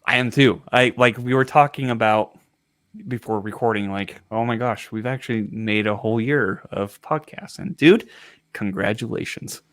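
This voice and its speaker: A man in his twenties co-hosting a casual podcast, telling stories in an animated way. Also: medium pitch, moderate pace, dry recording, clean studio sound. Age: 20s. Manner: animated storytelling with laughs. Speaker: co-host.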